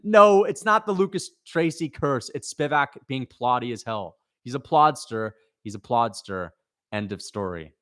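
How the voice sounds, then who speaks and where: A man's voice: mid-range voice, fairly bright tone, dry recording, clean studio sound. A young man hosting a livestream, reacting and reading chat messages, frustrated and swearing, repeating himself as he vents.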